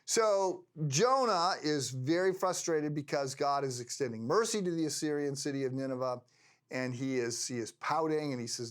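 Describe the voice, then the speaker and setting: An older man teaching a Bible lesson in a conversational, halting way, with frequent restarts. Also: a little high. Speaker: pastor.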